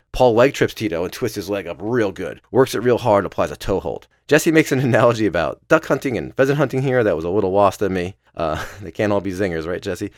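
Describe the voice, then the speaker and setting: Low-voiced man recapping with lively swings. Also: no room sound, clean studio sound. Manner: profane, playful play-by-play with laughs. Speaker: podcast host. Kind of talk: casual match recap.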